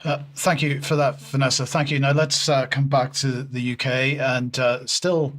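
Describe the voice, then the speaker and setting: A man reads and comments on the news. He pauses often with fillers and slips in dry sarcasm. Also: medium pitch, level tone, fairly bright tone. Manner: hesitant, sarcastic, many fillers. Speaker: news presenter.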